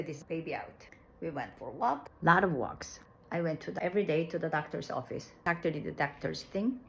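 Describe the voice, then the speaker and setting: A woman with a low, deep-set voice recounts something from her own life. She talks casually and frankly, often restarting her sentences and laughing at herself. The delivery is plainspoken storytelling rather than a performance. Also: a bit bright, slight background noise, poor audio. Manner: loose, halting phrasing with restarts. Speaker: vlogger telling her birth story.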